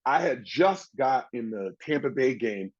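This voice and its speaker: A man in his sixties tells stories in a relaxed, lively way and slips into the voices of the people he quotes. His voice is husky and a little worn. The audio sounds muffled and lo-fi, like a remote call. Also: medium pitch, measured pace. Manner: animated storyteller, acts out quoted voices. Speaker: former pro football player, guest. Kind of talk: casual storytelling interview.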